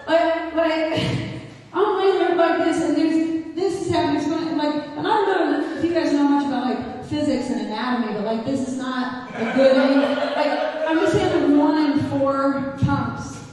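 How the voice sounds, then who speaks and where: A woman's voice: high-pitched, normal speed, darkish tone, distant mic. A young woman performing a stand-up set, telling a crude story candidly and laughing often. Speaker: stand-up comedian. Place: comedy club stage. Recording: roomy reverb, mic heard from afar.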